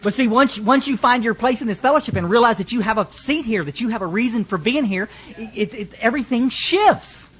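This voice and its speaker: A man's voice: high voice, fast talker, a bit bright, husky. A middle-aged man with a Texan accent, sharing his recovery story at a fellowship meeting in a folksy, joking way. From Texas, USA. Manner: folksy, joking, lots of restarts.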